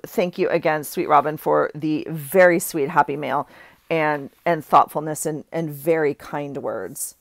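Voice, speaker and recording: A middle-aged woman with a deep, gravelly voice gushes over her craft finds in a rambling, casual haul chat. She often breaks off mid-sentence, and the recording is clean studio sound with no echo.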